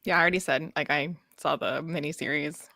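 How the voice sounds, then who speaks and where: A woman's voice: deep voice, fairly even intonation, brisk, bright, forceful tone, no room sound, clean studio sound. A woman hosting a casual book club discussion over a video call, chatty and full of fillers as she steers the talk.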